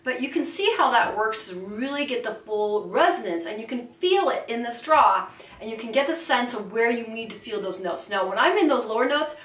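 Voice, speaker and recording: A woman's voice: on the high side, expressive, moderate pace, a bit bright. A woman voice teacher giving a vocal lesson, explaining exercises and at times talking through a straw. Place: studio room. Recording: roomy, from a distance.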